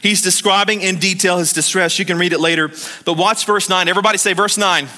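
Bright high-voiced man preaching in a hall. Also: fast. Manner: lively storytelling, calls on the congregation to respond. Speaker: pastor. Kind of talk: sermon. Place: church hall. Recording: long hall reverb.

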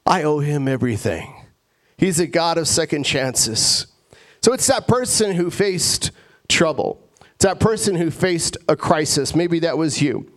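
A man's voice: fairly high pitch, lively intonation, a little slow. A male pastor preaching a sermon in an earnest way, repeating phrases and stammering into restarts.

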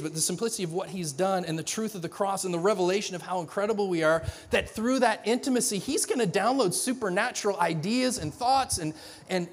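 A middle-aged man preaches in a loose, conversational way, restarting phrases and acting out little scenes. His voice sits high for a man. The sound rings with the long reverb of a large church hall. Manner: animated, conversational, many restarts, acts out dialogue. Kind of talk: sermon.

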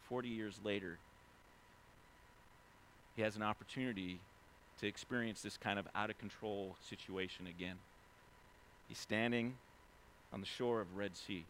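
A man in his forties, a pastor, preaching a sermon in a conversational way, swinging between loud excited stretches and hushed quiet ones, full of "you know" and "right?". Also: fairly low pitch, a little hiss or hum. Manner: heavy use of fillers like "you know" and "right?".

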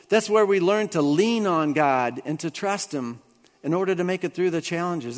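A man preaching a sermon, telling a personal story with lively swings between hushed and excited delivery. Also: a little high, in a large hall. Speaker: pastor.

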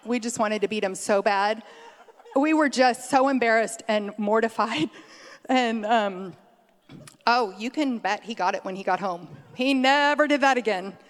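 A middle-aged woman giving a conversational sermon, chatty and quick to laugh, drifting off on tangents. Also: a little high. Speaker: preacher. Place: church sanctuary. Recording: long hall reverb.

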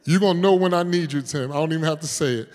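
A man's voice: on the high side, very fast. Preaching man in an echoing church hall. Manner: preaching with swings from loud declarations to hushed prayer; calls on the congregation, jokes and laughs with them. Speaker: pastor. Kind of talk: sermon.

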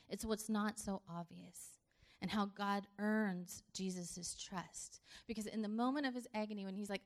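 A woman's voice: mid-range voice, normal speed. Earnest woman preaching conversationally. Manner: conversational, earnest, swings between hushed and emphatic. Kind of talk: sermon.

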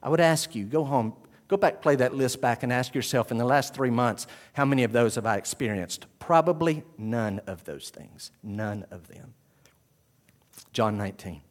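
Preaching man swinging from hushed to loud. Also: animated, normal speed. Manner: swings from quiet and low to loud, raised exclamations. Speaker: pastor. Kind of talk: sermon.

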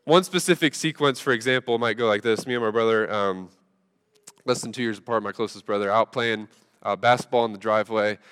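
A man preaching a sermon, telling a funny story in a relaxed, conversational way with lots of fillers. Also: fairly low pitch, brisk, smooth. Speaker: pastor. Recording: long reverb from a large hall.

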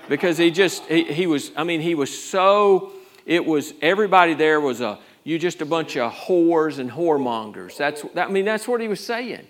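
A man's voice: a little high, a bit bright. A male pastor preaching a conversational sermon, rambling through restarts and rising to urgent emphasis.

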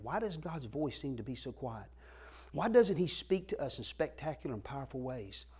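A middle-aged man preaching a sermon, moving between loud declarations and soft whispers. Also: mid-range voice, slightly rough. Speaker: pastor.

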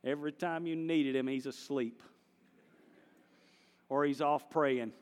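A man preaching a sermon, swinging between hushed and loud passages. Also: fairly high pitch, fairly even intonation, unhurried, long pauses, clean tone, big-room sound. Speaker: pastor.

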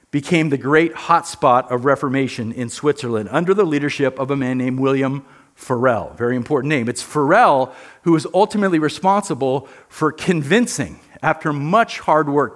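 A man's voice: on the high side, a bit bright. A man teaching a church history lesson in an earnest, emphatic way, often repeating words.

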